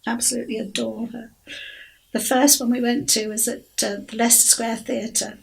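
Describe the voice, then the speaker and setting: A woman's voice: a little high, little pitch movement, moderate pace, creaky, rough recording. A woman fan speaking enthusiastically in an interview. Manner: enthusiastic, gushing.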